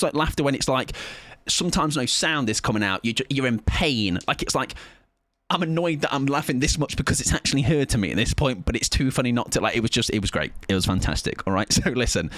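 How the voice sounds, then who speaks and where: A man's voice: medium pitch, a bit bright, no echo. A man chatting casually on a live gaming stream, rambling and laughing often.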